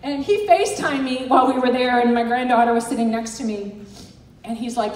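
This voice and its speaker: A woman's voice: fairly high pitch, a little fast, a little mellow. A middle-aged woman giving an earnest, encouraging motivational talk as a direct sales team director. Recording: echoey hall from far off.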